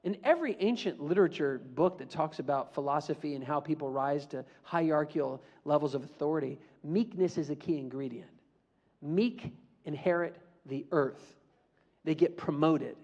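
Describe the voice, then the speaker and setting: In a lo-fi recording, a man with a slightly high voice speaks at a moderate pace. He's a motivational speaker at a school assembly, giving students a playful, animated talk and prompting them to call back answers.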